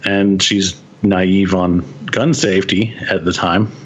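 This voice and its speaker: A man's voice: deep voice, fairly even intonation, slow pace, husky. A man from West Texas, a podcast guest telling stories in casual chat and chuckling often as he goes. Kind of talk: casual storytelling.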